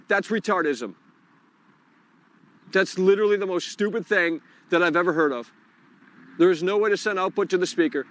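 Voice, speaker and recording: Annoyed guy cursing and grumbling on his live call-in stream, voice sitting a bit high, recorded outside. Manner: irritable, swearing, frustrated muttering. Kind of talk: live-stream rant while fixing tech. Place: outdoors.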